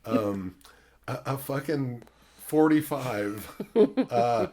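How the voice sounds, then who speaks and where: A man in mid-pitch range hosts a relaxed film chat. He rambles through fillers, swears freely, and breaks into animated voices when he retells a story. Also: unhurried. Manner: acts out quotes in animated voices. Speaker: podcast host. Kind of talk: casual film discussion.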